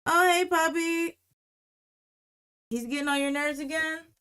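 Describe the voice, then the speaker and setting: A woman putting on the high, exclaiming voice of a breezy, unbothered young woman friend in a told story. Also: unhurried, a bit bright, clear, resonant tone, lightly acted. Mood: offhand.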